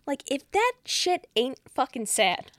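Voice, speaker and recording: Higher-voiced woman recapping a movie. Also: sing-song, a little slow, a bit bright, no room sound. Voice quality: swears freely, acts out quoted lines. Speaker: podcast co-host.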